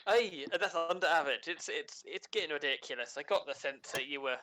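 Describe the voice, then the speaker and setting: A man doing a loud, brash adventurer. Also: a little high, fairly quick, slight background noise. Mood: boisterous. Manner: shouting, brash delivery.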